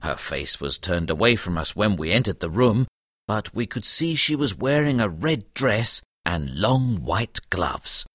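Narrator companion read by a man, very deep and lively, dry audiobook. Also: unhurried, no echo, heavily acted. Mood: narrating. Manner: expressive storytelling narration. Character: detective's companion narrating the story.

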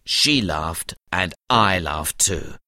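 A man narrating a detective story as the detective's companion, in an expressive storytelling manner. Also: sits low, very slow, vocal fry, no room sound, studio quality, heavily acted. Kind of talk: audiobook narration.

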